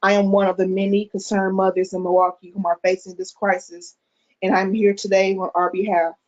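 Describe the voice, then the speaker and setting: Mother reading testimony, flat and steady, muffled remote audio. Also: mid-range voice, brisk. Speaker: public commenter, concerned mother. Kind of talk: reading a prepared statement at a hearing. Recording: dull, muffled call audio.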